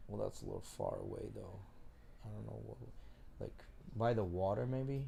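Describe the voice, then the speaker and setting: A man hosting a podcast, chatting loosely and thinking out loud, with some swearing. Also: on the low side, huge pitch swings, normal speed, creaky, a little hiss or hum. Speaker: podcast host. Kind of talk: casual chat.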